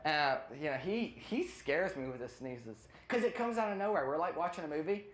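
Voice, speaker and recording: A stand-up comedian works through a routine in a voice of middling pitch. The delivery wanders, trails off and doubles back on itself. A faint hiss of noise sits under the voice. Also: lively intonation, a little fast. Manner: rambling, loses place and self-interrupts.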